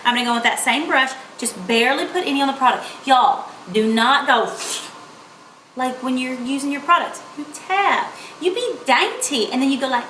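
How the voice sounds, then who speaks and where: A woman's voice: high-pitched, brisk, bright, forceful tone, slight background noise. A young woman, chatting playfully through a makeup tutorial. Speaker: beauty vlogger. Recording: echoey room.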